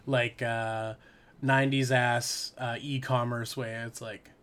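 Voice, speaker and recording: A man's voice: mid-range voice, flat delivery, slow pace, a bit bright, clean tone. Joking man in a casual podcast chat. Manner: joking, swearing, does goofy announcer voices. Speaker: podcast co-host.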